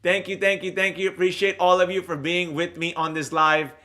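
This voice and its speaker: Bright, energetic trading streamer man. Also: high-pitched, fairly quick. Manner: rambling, energetic, talks straight to viewers. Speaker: trading educator hosting a live stream. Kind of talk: casual live-stream chat reading comments.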